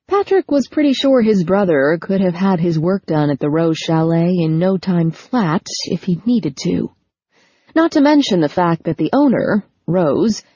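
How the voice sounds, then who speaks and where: A woman narrates a novel in a steady, measured way. Her voice is lowish, mellow and husky. The recording is dry and a little dull. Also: dry recording. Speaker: audiobook narrator. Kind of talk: scripted narration.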